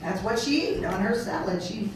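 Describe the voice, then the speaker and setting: A woman pastor preaching a sermon in a lively, playful way, acting out voices and laughing along. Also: mid-range voice, moderate pace, background noise. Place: church hall. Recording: echoey hall, mic far off.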